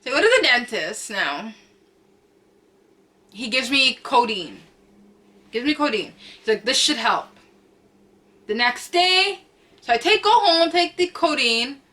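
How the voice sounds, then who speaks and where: Filming a storytime vlog to camera in her room at home, a young woman speaks in a bright, slightly high, sing-song voice at a measured pace, pausing often. Her talk is chatty and slangy, and she repeats lines for emphasis and breaks into loud cries when acting out quotes.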